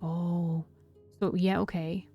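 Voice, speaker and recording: A woman's voice: fairly low pitch, level tone, takes it slowly, muffled recording, soft background music. A woman streaming a story game, making blunt, swearing asides between reading lines. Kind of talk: let's play commentary.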